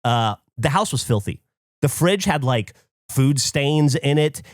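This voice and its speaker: A man's voice: medium pitch, measured pace, dry recording, clean studio sound. A man co-hosting a podcast who tells a story in a casual, profane rant and acts out other people's lines. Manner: animated, profane ranting. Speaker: podcast co-host.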